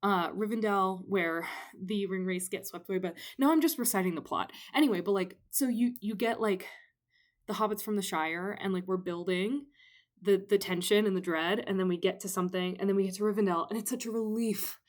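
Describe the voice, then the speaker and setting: A woman's voice: medium pitch, fairly quick. Young woman, book vlogger, casual and breathless, gushing fan energy. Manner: gushing, breathless, many fillers, rambling enthusiasm. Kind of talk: excited casual book chat.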